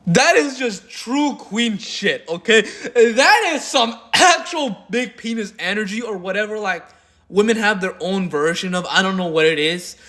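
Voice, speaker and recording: A man's voice: high voice, lively intonation, unhurried, bright, forceful tone. Crude mocking male commentator. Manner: crude, mocking and heavily profane. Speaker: commentary YouTuber. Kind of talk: drama commentary.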